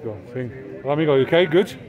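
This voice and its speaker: A man's voice: a little high, racing, phone-quality sound. A man, vlogging casually as he walks through a busy outdoor street market, chatting to the camera and to stallholders in broken Spanish. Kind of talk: casual walking vlog. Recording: noisy outdoor market crowd. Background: crowd chatter and passing traffic.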